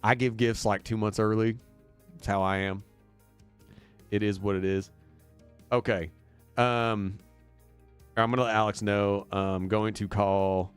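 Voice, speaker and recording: A man's voice: lowish voice, fairly even intonation, a little slow, pauses often, smooth. A man from Indiana, a band member booking a tour, chatting casually and upbeat on a livestream, rambling with plenty of fillers. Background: faint demo music looping.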